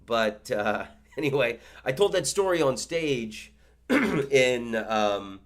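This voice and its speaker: A man in his fifties, a comedian and podcast host, telling a story in a monologue with animated delivery and stammering restarts. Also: medium pitch, takes it slowly. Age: 50s.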